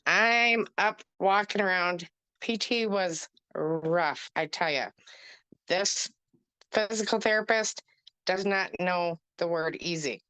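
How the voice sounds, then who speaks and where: Slow, plainspoken low woman. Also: bright, forceful tone, smooth, rough recording. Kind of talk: testimonial on a video call. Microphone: video call.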